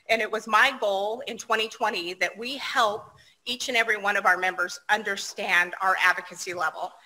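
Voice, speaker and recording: Woman, outgoing president, video-call speech, bright and personable; mid pitch. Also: low-quality recording. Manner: personable, lightly self-deprecating.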